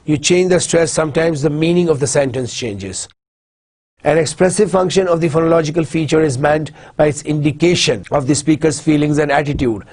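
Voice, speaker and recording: A male university lecturer who reads each point aloud, then restates it slowly with frequent restarts. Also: fairly high pitch, a little mellow. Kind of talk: recorded linguistics lecture.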